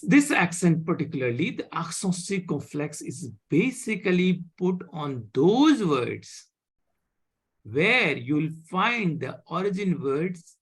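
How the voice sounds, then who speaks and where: Slow, husky-voiced man teaching French. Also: a little high, a bit bright. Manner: halting, many fillers and restarts, checks in with "okay?". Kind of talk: live online language class. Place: online classroom.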